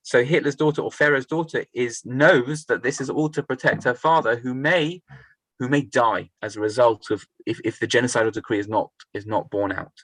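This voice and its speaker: A man's voice: mid-range voice, moderate pace, fairly bright tone, no room sound, rough recording. A man leading a Torah study class, thinking aloud, restarting phrases and putting questions to the group.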